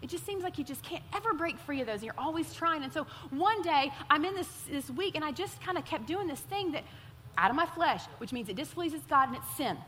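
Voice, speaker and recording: A woman preacher giving a sermon, telling stories in an animated way and repeating words for emphasis. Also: high voice, fairly quick, a little hiss or hum. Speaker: pastor. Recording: hall reverb with faint ambience.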